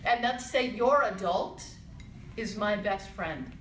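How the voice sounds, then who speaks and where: Woman teaching a safety class, calm and explaining, mid pitch, echoey room, mic far off. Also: slow, slight background noise. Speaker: safety instructor. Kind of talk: interactive workshop teaching.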